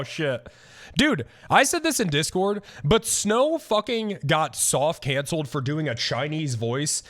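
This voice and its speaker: A young man streaming casual reaction commentary, ranting and swearing with many restarts. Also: on the high side. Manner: animated, profane, ranting with frequent restarts.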